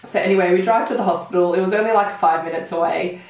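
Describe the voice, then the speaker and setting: Her voice on the low side and her pace quick, a chatty Australian beauty vlogger does her makeup while telling animated get-ready-with-me stories. She says "like" often, and a distant mic captures her in a roomy space.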